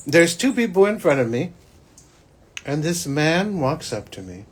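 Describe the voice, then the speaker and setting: A man, a psychic hosting his own show, telling a personal story in a rambling, restarting way that swings between loud and hushed. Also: fairly high pitch, very animated, unhurried, slightly rough. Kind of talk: spiritual podcast monologue, personal storytelling.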